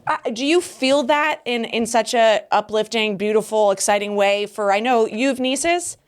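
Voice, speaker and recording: A woman's voice: a little high, moderate pace, clear, resonant tone. A woman co-hosting a podcast, interviewing a guest and sharing emotional personal memories in casual chat. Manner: warm, emotional, gushing interviewer. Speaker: podcast co-host.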